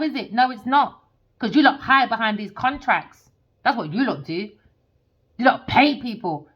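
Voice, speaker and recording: A woman, a tarot reader delivering a heated, sweary rant as an angry monologue. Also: sits high.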